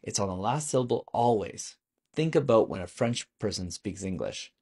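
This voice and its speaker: A man's voice: on the low side, animated, normal speed, a little mellow, husky. A man teaching a video lesson on French vocabulary, explaining patiently and asking the viewer questions.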